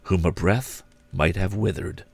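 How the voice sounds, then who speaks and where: A man voicing a soft, gentle Christmas spirit in a storybook reading, speaking in a hushed, tender way. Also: low-pitched, steady tone, a little slow, creaky, breathy edge, full character voice.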